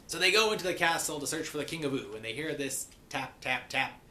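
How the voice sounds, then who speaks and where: A man recapping a cartoon episode in a playful pirate persona, saying "be" for "is" and slipping into quick voices for the characters. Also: fairly high pitch, expressive, pushed and bright. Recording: echoey room with faint hiss.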